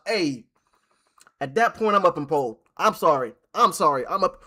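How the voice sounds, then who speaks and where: A man's voice: a little high, animated, normal speed, sharp tone. A male streamer who reads posts aloud on a live stream and reacts bluntly, swearing freely and repeating himself for effect.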